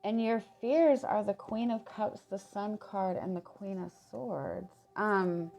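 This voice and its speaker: A tarot reader speaks at medium pitch in a steady, darkish tone, though she's hoarse and losing her voice. Her casual reading is halting, with words restarted and "like" used as filler.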